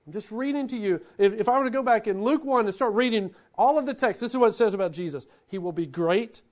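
A man preaching a sermon, who swings between loud, animated bursts and hushed, quiet lines. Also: high voice, fast. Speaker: pastor.

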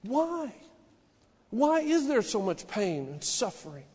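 A male pastor preaching a sermon in a church, shouting some lines and dropping to a hushed warning on others. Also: big pitch swings, slow, husky, big-room sound. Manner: fervent preaching, swinging from shouted declarations to low hushed warnings. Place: church sanctuary.

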